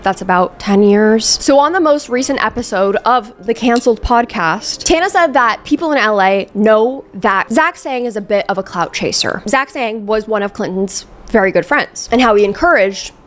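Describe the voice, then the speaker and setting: A young woman giving casual commentary on online drama, chatty and full of filler words. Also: a little high. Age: young adult. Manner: chatty, many "like" fillers, quotes people in voices. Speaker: commentary youtuber.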